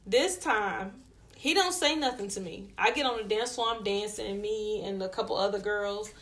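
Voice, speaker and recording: A woman co-hosting a podcast, telling a story in casual chat, animated and profane, laughing as she goes. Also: mid-range voice, moderate pace. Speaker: podcast co-host.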